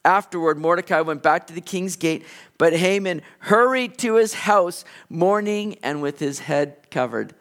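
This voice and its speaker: A male pastor preaching a sermon, retelling a story in an animated, conversational way. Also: high voice, unhurried. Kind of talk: expository sermon.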